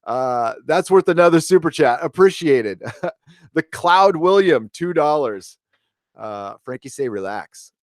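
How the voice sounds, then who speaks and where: A man's voice: on the high side, animated, a little slow, no room sound, clean studio sound. A middle-aged American man hosting a livestream, ranting casually with profanity and lots of fillers, then reading out viewer chat. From United States. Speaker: livestream host.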